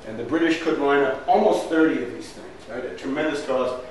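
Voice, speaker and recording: Speaking a little fast at medium pitch, a man lectures on history with slides. He is emphatic, likes rhetorical questions, and says "right?" a lot. A faint room hum sits beneath his voice, picked up from far off in a strongly echoing hall.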